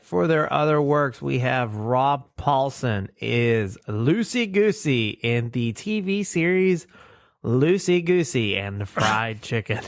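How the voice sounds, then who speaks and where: A male podcast co-host jokes around casually about an old cartoon, riffing and slipping into silly voices. His medium-pitched voice has vocal fry, and the recording is dry with clean studio sound.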